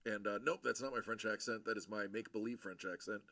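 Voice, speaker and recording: A man hosting a livestream, chatting casually with viewers in a rambling, friendly way full of fillers and shout-outs. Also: lowish voice, fairly even intonation, fast, gravelly. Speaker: livestream host.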